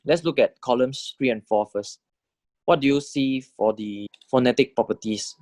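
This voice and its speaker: A man's voice: mid-range voice, moderate pace, darkish tone, dry recording. A man teaching a recorded language lecture, walking through a table step by step and often checking understanding with "right?".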